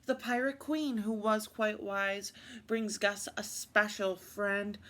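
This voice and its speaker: A woman reading picture books aloud at story time, expressive and adding little asides to her listeners. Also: mid-range voice, slow.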